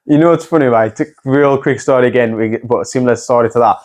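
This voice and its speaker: A man's voice: medium pitch, fast, a little mellow. A man hosting a podcast, chatting casually and swearing freely while he acts out the quotes in his stories. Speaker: podcast host. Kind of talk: casual chat.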